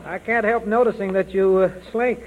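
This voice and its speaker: A man's voice: high voice, fairly even intonation, moderate pace, phone-quality sound, natural voice. An actor playing a quaint, cranky old grandmother in bed who complains in a fussy, dry way, in 1940s radio comedy. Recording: old radio broadcast with loud hiss.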